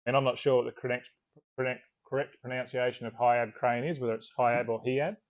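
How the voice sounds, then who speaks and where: An Australian author talking casually in an interview, a relaxed, rambling storyteller who swears now and then. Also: male voice, mid-range voice, brisk, highs cut off. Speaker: author guest. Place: video call.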